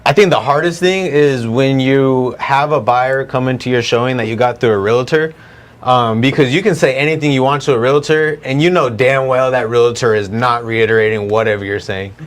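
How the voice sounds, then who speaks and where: A man co-hosting a casual podcast, telling a story in an animated way and swearing freely. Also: medium pitch, moderate pace. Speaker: podcast co-host. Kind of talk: casual chat.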